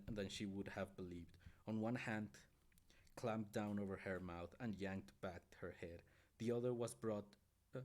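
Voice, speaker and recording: Low-voiced man reading a novel aloud. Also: darkish tone. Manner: stumbles and corrects himself mid-sentence.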